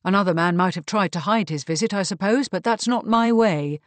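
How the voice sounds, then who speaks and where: A woman voicing a composed, evasive gentleman who speaks smoothly and blandly. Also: medium pitch, a little fast, no echo, natural voice. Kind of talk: audiobook character reading.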